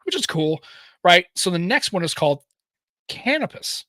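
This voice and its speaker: A man's voice: high-pitched, sing-song, normal speed, bright, forceful tone, no room sound. An American man in his thirties co-hosting a podcast, chatting loosely, joking and swearing freely. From United States. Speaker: podcast co-host. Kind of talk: casual chat.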